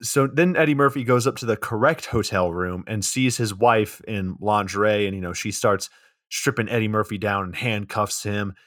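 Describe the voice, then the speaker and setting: A man's voice: fairly low pitch, normal speed, fairly bright tone, no room sound, clean studio sound. A man co-hosting a podcast, recapping a movie's plot in a wry, casual way with offhand swearing.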